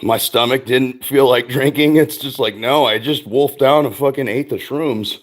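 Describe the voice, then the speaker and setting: A middle-aged man talks loosely and at length, like he is chatting with viewers on his stream. His voice sits at a medium pitch. He swears freely, drifts from one thought to the next, and breaks into laughter often. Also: normal speed. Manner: rambling, profane, laughs often. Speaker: streamer host. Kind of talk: casual chat.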